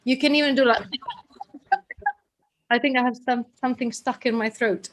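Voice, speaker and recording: A fairly high-voiced woman leads a live group class as its teacher. She talks in a chatty, guiding way, often restarting her sentences as she goes. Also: steady tone, moderate pace. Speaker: workshop teacher.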